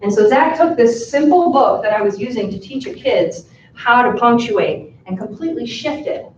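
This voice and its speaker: A woman teacher giving a talk to fellow educators, telling classroom stories in a lively way and acting out the dialogue. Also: a little high, moderate pace, recorded from a distance, slight background noise. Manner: lively storytelling that acts out dialogue. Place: school presentation room. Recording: echoey room, voice from afar, muffled sound.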